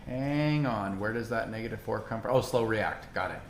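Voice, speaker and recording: A man's voice: fairly low pitch, normal speed, a little hiss or hum. A man running a tabletop role-playing game as game master, narrating expressively.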